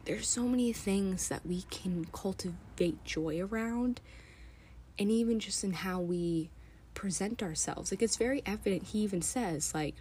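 A woman hosting a podcast, talking earnestly and emotionally, often dropping to a soft whisper. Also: medium pitch, unhurried, slight background noise. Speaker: podcast host reading stories. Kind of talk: casual chat.

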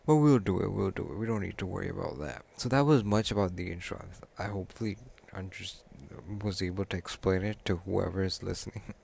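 Young male podcast host, very low gravelly voice, casual, rambling, self-correcting. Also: a little fast, darkish tone. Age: young adult. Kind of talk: casual solo podcast talk.

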